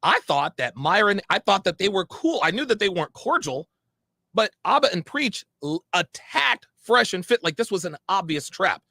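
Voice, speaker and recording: A man telling a heated story in a profane, animated way, acting out the quoted conversations. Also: high-pitched, normal speed, creaky, dry recording, clean studio sound. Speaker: podcast host.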